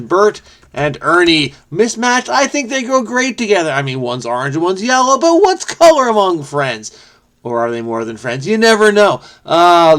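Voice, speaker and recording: A man solving a crossword aloud, muttering clues to himself and breaking into sudden excited outbursts. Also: a little high. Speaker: crossword solver, channel host. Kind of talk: casual think-aloud puzzle solving.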